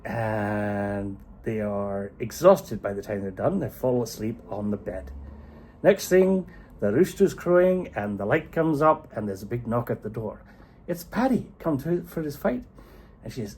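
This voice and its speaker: Speaking at a moderate pace in a fairly low, slightly rough voice, a man spins a folk tale with casual animation. This storyteller keeps chuckling and making self-deprecating jokes.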